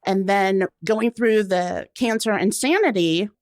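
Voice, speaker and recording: A woman's voice: mid-range voice, unhurried, dry recording, studio quality. A woman in her forties, a guest in an interview, telling her story expressively and acting out the lines she quotes. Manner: expressive storyteller, acts out quotes, laughs often. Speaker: guest, writer. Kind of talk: casual interview.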